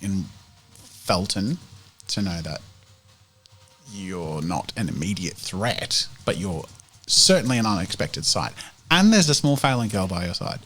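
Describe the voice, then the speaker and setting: A man's voice: deep voice, expressive, a little slow, fairly bright tone, husky. A man narrating a tabletop role-playing game as game master, casual and rambling.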